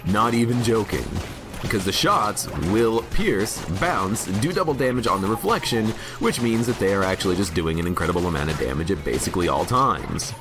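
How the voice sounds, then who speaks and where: A man streaming a game while sick with a cold, his voice deep and hoarse, chatting in a rambling, self-mocking way. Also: expressive, brisk, music in the background. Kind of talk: casual gameplay commentary.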